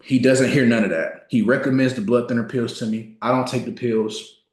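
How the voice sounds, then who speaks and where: A man in his thirties giving a motivational talk, telling a personal story and slowing down to stress key words. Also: mid-range voice, fairly even intonation, darkish tone. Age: 30s. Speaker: motivational speaker. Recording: roomy echo.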